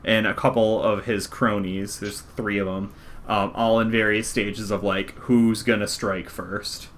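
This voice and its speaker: A man's voice: on the low side, flat delivery, measured pace, a bit bright, slight background noise. A man narrating a tabletop game as game master in a casual, rambling way. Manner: casual, filler-heavy, conversational.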